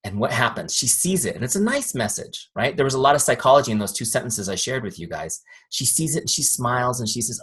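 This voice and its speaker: Husky-voiced man giving a lively sales training. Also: mid-range voice, quick pace. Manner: lively, acts out quoted voices, asks audience questions. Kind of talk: live training talk.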